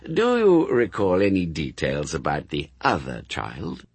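A fussy, prim angel speaks mildly and with care, as a male narrator puts him on. The pitch lilts up and down, the tone a little husky, recorded dry and close. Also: wildly swooping pitch, a little slow, no echo, heavily acted. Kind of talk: audiobook character voice.

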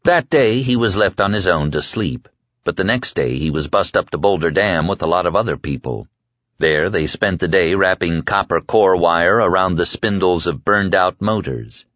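A man narrating an audiobook in a lively, expressive way. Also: low-pitched, moderate pace, dry recording. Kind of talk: scripted narration. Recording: dull, dry lo-fi recording.

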